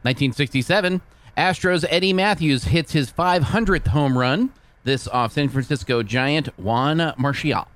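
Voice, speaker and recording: A man's voice: fairly high pitch, moderate pace, no room sound. A man co-hosting a sports radio show, reading the day's events and teasing his co-hosts with a laugh. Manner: animated, teasing, laughs often. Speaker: co-host reading the day in history. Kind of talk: casual sports radio banter.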